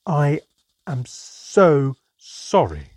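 Small apologetic goblin child, read by a man, soft and dark-toned. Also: fairly high pitch, very animated, very slow, no echo, voice pushed up, exaggerated voice.

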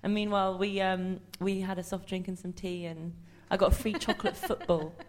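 A woman's voice: mid-range voice, fairly even intonation, brisk, slight background noise. A woman chatting about an outing, sounding amused. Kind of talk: casual chat.

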